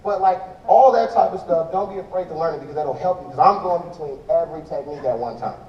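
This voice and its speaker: Onstage in a large indoor event hall, a fast-talking man with a fairly high voice rambles in slang about his drumming, restarting sentences as he answers audience questions. The sound is dull and echoey, picked up from a distance.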